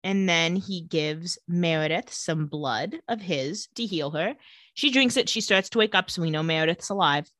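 A woman co-hosting a casual chat, retelling scenes and quoting characters in quick voices. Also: lowish voice, a bit bright, dry recording. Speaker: podcast co-host recapping a TV episode.

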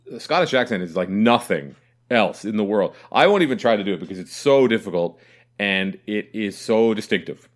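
A man with a Southern Ontario Canadian accent, co-hosting a casual podcast and telling rambling stories with frequent laughs. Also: mid-range voice. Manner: rambling storyteller, laughs often. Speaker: podcast co-host.

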